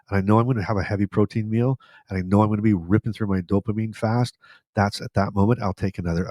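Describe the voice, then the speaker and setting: A middle-aged man with a fairly low voice gives casual advice as a podcast host. He rambles and circles back, repeating key phrases for emphasis. The sound is dry and close, with no room around it. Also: a little mellow, no room sound.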